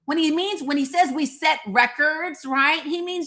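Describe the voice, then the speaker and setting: A woman's voice: high voice, measured pace, few pauses, bright, forceful tone. A woman with an East Tennessee accent hosting live political commentary, blunt, sarcastic and profane. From Northeast Tennessee. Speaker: live show host.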